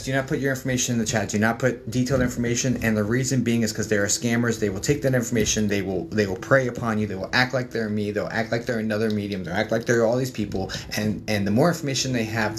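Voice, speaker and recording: A man hosts a livestream psychic reading at an ordinary, mid-range pitch. He speaks to his viewers in a gentle, reassuring way. Music plays clearly underneath. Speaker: psychic medium. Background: background music.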